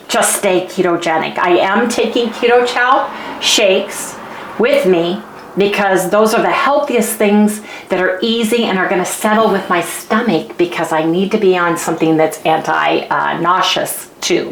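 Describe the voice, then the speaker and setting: A woman's voice: medium pitch, slight background noise. Chatty woman vlogging in an echoey room. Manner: chatty, rambling, animated. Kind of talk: casual vlog rant.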